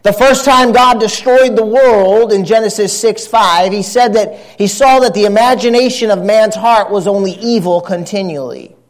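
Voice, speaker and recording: A male pastor with a notably high voice, delivering a church sermon. He talks earnestly to his congregation and drops the odd dry, wry aside. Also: moderate pace, few pauses.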